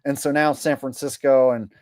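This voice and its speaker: A man's voice: mid-range voice, steady tone, normal speed, darkish tone, no echo, studio quality. A man hosting a livestream with rambling, indignant, profane commentary. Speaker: livestream host.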